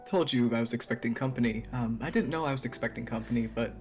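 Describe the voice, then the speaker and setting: A man's voice: mid-range voice, quick pace, gravelly, soft background music. A man playing a tabletop game, talking casually with hesitant fillers. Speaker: player.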